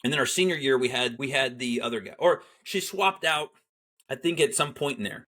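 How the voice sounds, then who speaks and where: A man's voice: mid-range voice, brisk. A middle-aged man telling his military story in casual conversation, acting out the people he quotes. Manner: animated, acts out quoted dialogue. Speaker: guest, Army veteran.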